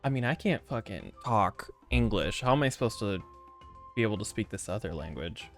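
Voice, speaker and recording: With soft music behind him, a gamer speaks at normal speed in a fairly low, expressive voice. His commentary is casual and rambling, full of profanity, and he trips over hard names.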